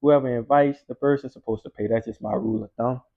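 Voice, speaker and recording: A man's voice: mid-range voice, fairly even intonation, fast talker. A young man from Louisiana, telling a story in a laid-back, slangy way. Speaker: vlogger. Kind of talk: casual storytelling. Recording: dull lo-fi recording.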